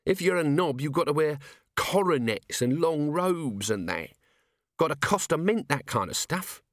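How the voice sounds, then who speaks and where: Man doing a gloomy whiny corporal, pitched up, dry booth sound. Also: lively intonation, measured pace, dry recording. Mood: moaning. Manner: moaning, despondent. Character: male corporal, scruffy, gloomy, new peer. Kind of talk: audiobook character voice.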